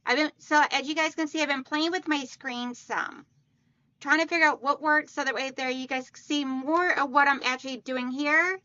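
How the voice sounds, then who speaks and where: A woman hosting a casual quilting livestream, chatting warmly with viewers and greeting them by name as hon and sweetheart. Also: sits high, steady tone, normal speed, no echo, muffled recording.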